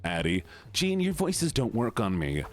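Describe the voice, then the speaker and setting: A man's voice: lowish voice, huge pitch swings, a little slow, soft background music. A man streaming a video game, chatting casually with his viewers in a rambling, talkative way. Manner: chatty, talks to chat, rambling asides.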